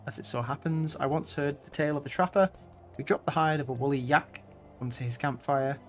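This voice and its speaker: A man's voice: a little high, lightly acted. A man reading an earnest, formal young scholar. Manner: formal, measured diction.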